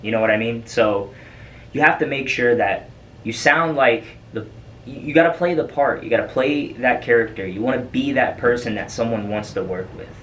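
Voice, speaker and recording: A man's voice: medium pitch, moderate pace, fairly bright tone, a little hiss or hum. Chatty man coaching, slightly distant mic. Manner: loose and chatty, many fillers and repeats. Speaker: freight broker trainer. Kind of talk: casual coaching monologue.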